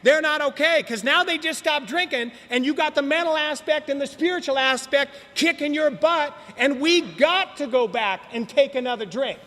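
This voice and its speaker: High, bright-voiced man telling his story. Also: normal speed, few pauses. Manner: joking, slangy, talks straight to the audience. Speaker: recovery meeting speaker. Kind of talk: storytelling share at a recovery meeting. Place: meeting hall. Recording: long hall reverb.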